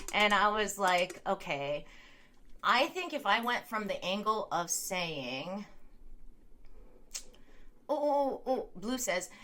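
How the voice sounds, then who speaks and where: A woman's voice: medium pitch, sharp tone. A young adult woman from California hosting a casual livestream chat, rambling and laughing often as she reads viewer comments. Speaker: livestream host. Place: home room.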